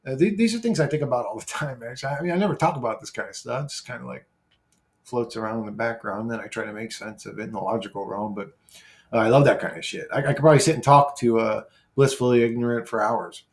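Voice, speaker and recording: A man's voice: medium pitch, quick pace. A brash, profane man with an ordinary mid-range voice rambles loosely through viewer comments. He talks off the cuff, drifting between thoughts and swearing freely. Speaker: YouTuber replying to comments. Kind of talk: casual vlog comment replies.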